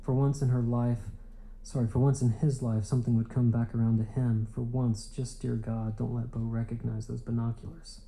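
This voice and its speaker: A man narrates a literary audiobook with a very dark, mellow tone. His reading is measured and unhurried. His pitch sits in the middle of the male range. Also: flat delivery, creaky, rough recording.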